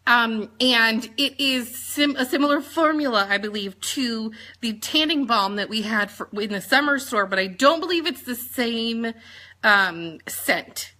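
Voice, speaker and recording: A woman with a twang runs through a product list in a casual, chatty way. Her voice is bright and sits a bit high for a woman. She keeps tossing in quick jokes and asides. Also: lively intonation. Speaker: sales consultant presenting products.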